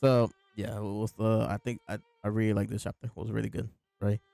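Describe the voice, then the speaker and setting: A man's voice: lowish voice, level tone, brisk, creaky, warm tone, no echo. A man casually reviewing and discussing a comic chapter, rambling with many fillers and chuckles. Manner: laid-back, rambling, lots of fillers and laughs. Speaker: podcast host reviewing a manga chapter. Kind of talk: casual chat.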